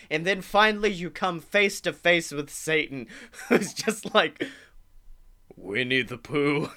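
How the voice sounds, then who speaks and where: A man co-hosting a podcast, telling a comedic story in an animated, profane way and laughing as he goes. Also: high-pitched. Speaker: podcast co-host.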